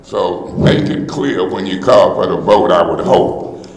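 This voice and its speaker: A man's voice: low-pitched, expressive, unhurried. A man speaking as a city council member in a heated public meeting, confrontational and indignant, often hollering his points. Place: council chamber. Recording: echoey council chamber with long reverb.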